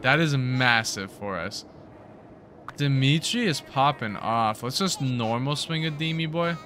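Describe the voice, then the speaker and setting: A man's voice: medium pitch, expressive, a little slow, music in the background. Hyped young man calling a baseball game. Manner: hyped, yelling at the game, slangy. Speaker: gaming video host. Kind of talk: excited let's-play commentary.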